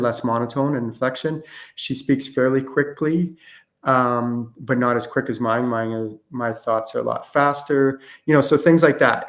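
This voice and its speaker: A man hosting a live-streamed question-and-answer show, talking casually with lots of fillers and false starts. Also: medium pitch. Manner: casual, rambling with many fillers and restarts. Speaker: host and spiritual channeling teacher.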